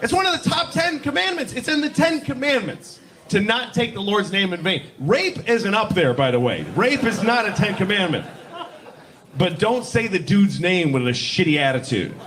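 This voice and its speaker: A man's voice: high voice, big pitch swings, normal speed, background noise. A man performing a stand-up comedy set with sarcastic, conversational storytelling. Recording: live show with audience laughter. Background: crowd laughing.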